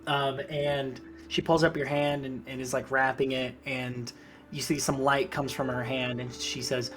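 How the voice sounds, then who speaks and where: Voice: mid-range voice, flat delivery, unhurried, fairly bright tone, soft background music. Rambling tabletop game master. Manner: rambling, many fillers.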